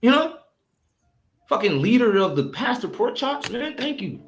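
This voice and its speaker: A man's voice: very high-pitched, big pitch swings, measured pace. Man preaching a profane, combative rant. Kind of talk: heated religious rant. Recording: echoey room with faint music.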